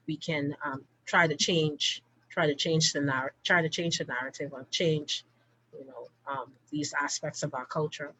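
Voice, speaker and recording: A woman from the Caribbean hosting an online interview, slightly hoarse from a cold, speaking emphatically and repeating her thanks. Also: low voice, rough recording. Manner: warm, repetitive thanking, emphatic. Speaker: host.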